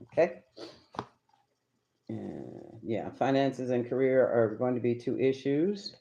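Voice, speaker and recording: A man's voice: medium pitch, expressive, slow pace, creaky, mellow, dull audio, slight background noise. Chatty man giving a tarot reading. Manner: chatty, emphatic, talks to viewers as y'all. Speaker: tarot reader.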